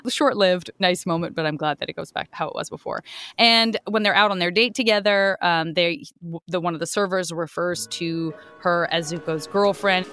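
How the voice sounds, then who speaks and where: A woman's voice: fairly low pitch, normal speed, a bit bright, faint music behind. A woman co-hosting a podcast who recaps episodes in casual, enthusiastic chat. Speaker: podcast co-host.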